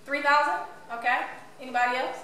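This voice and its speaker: A woman tells her story to a live audience in a high, lively voice. She is playful and keeps asking the room questions. The sound is echoey and distant, with faint room ambience behind her. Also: brisk, a little hiss or hum. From Cleveland, Ohio. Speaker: motivational speaker.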